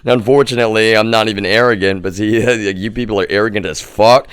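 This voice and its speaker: Ranting heatedly into his streaming mic, a young livestream host swears and keeps calling his viewers "y'all." His very low voice is smooth and resonant with a steady tone and a fairly quick pace. The sound is dry and close, with no room around it.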